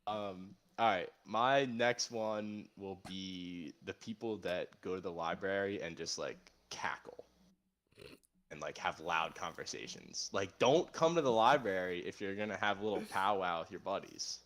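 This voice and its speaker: Easygoing young man, lowish voice. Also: a little slow. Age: young adult. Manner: easygoing, relaxed storytelling with filler "like". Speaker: podcast co-host. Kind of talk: casual chat.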